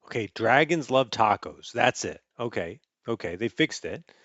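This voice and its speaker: A man reads a picture book aloud in a playful, animated way, tossing in sound effects as he goes. His voice sits at an ordinary middle pitch and sounds close and dry, a little dull and muffled. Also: normal speed, no room sound. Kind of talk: casual storybook read-aloud.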